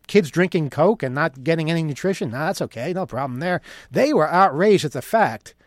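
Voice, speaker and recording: A man's voice: fairly high pitch, no echo, clean studio sound. A man delivering an opinion monologue in a sarcastic, mocking tone. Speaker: commentator.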